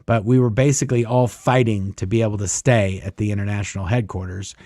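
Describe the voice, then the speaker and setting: A man's voice: on the low side, steady tone, brisk, warm tone, no echo. Dry-voiced man telling a rambling story. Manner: rambling, many fillers, acts out quoted lines. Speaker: guest storyteller. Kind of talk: casual storytelling.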